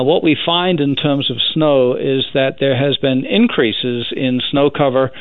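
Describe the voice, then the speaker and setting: A man's voice: mid-range voice, no echo. Male scientist on a tinny phone line. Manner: measured, explanatory, hesitant fillers. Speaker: scientist guest. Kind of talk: explanatory interview answer.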